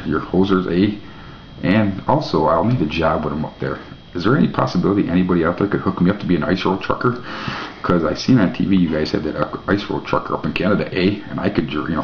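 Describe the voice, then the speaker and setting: A man's voice: low voice, creaky. A man hosting his own vlog, rambling through mock-naive questions with dry jokes. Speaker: vlog host. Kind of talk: casual rambling monologue to camera. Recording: echoey room, dull lo-fi mic, faint hiss.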